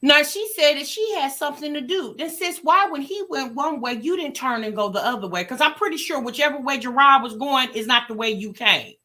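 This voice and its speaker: A woman hosting a reaction channel, giving animated casual commentary straight to her viewers. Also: high voice, a little fast, few pauses.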